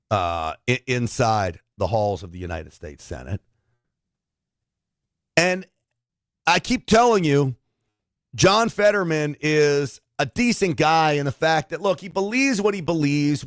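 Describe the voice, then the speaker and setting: A man's voice: on the high side, dry recording, studio quality. A middle-aged man hosting a political talk show, blunt and conversational, reacting to clips and reading viewer comments.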